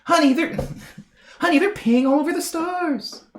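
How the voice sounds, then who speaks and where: A man putting on a high, flustered voice as a shocked tourist mother during a live stream. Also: unhurried, echoey room, recorded from a distance, slight background noise. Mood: scandalized. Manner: gasping, high-pitched, scandalized.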